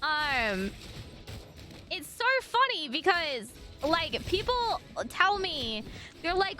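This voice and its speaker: A young woman from the US Northwest, a streamer chatting casually with viewers, animated and chatty with lots of fillers and casual swearing. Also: extremely high pitch, normal speed, over loud music. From US Northwest, raised in Washington and Montana. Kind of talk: casual chat with viewers while gaming.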